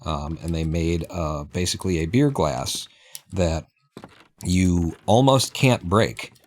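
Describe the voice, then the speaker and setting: A man's voice: deep voice, slow, darkish tone. A man livestreaming as he plays a game, chatting in a rambling, opinionated way and laughing at his own jokes. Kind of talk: casual gameplay chat.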